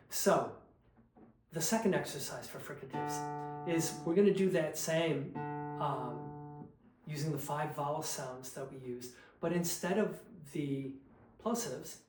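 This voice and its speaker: A man teaching a choral diction lesson, demonstrating consonant and sung syllable drills in a patient, unhurried way. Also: fairly high pitch, darkish tone, reverberant, rough recording. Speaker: vocal coach.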